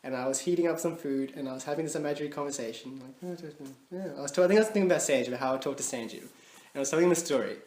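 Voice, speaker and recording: A man's voice: on the high side, rapid-fire. A young man, co-hosting a podcast, telling funny stories with lots of laughter and acted-out dialogue. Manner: animated, laughs often, acts out quoted dialogue. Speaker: podcast co-host. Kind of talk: casual storytelling. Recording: echoey room with faint noise.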